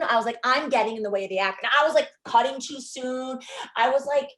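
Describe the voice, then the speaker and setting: Woman, middle-aged, filmmaker, animated storyteller, lively quoting, casual interview talk. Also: high voice, fairly quick. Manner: animated, acts out quotes, many fillers. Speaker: filmmaker guest.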